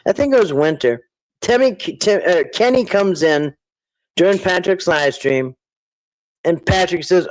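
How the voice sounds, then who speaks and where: A man's voice: sits high, animated, a little slow, poor audio. A man hosting a casual livestream, rambling and thinking aloud as he answers viewer chat. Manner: rambling, thinks aloud, quotes people in put-on voices.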